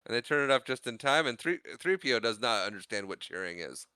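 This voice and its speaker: A man co-hosting a podcast recaps a film in casual chat, animated and acting out quotes in funny voices. His voice is medium-pitched and smooth, he talks quickly, and the recording is dry.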